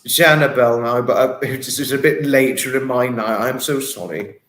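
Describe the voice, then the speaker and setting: A man's voice: mid-range voice, normal speed, fairly bright tone, reverberant. A man hosting a casual livestream, reading chat comments and thanking viewers in an apologetic, effusive, giggly manner. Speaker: livestream host.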